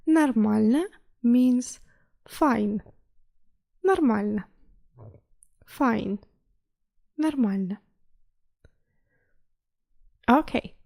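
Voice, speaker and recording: A woman teaching a language lesson online, patiently pausing so the listener can repeat. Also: a little high, creaky, mellow.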